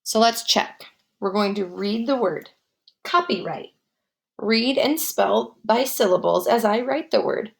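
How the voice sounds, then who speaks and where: A woman teaching a guided spelling lesson, dictating words slowly and spelling them out letter by letter. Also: mid-range voice, creaky.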